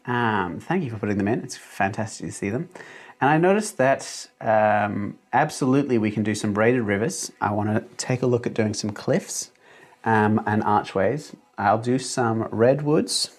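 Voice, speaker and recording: A man's voice: fairly low pitch, expressive, moderate pace. A man who grew up in Australia with an English accent from British parents, hosting a casual livestream from a small home room and rambling with lots of fillers. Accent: English accent from British parents, living in Australia. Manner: rambling and chatty, with many fillers and restarts. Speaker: livestream host and mapmaker. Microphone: desk mic, no headphones.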